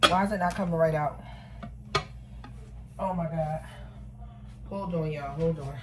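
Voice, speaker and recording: Talking quickly in a low-pitched voice, a middle-aged Philadelphia-accented home cook films her own chatty baking vlog over background noise. She's animated, jokes at her own expense, and refers to her viewers as "y'all."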